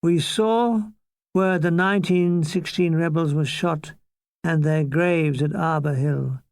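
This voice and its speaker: A man's voice: on the high side, steady tone, darkish tone, smooth, dry recording. An older man reading his own war memoir aloud in a dry, comic storytelling manner. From Ireland. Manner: dry comic storytelling, quick asides and mock voices. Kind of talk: memoir narration.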